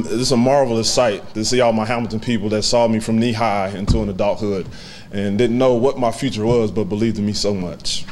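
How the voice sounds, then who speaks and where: A lowish male voice, with a slight hiss or hum on the recording, delivers a heartfelt hall of fame acceptance speech. The man, in his thirties, falters, fights back tears, and lets out soft laughs.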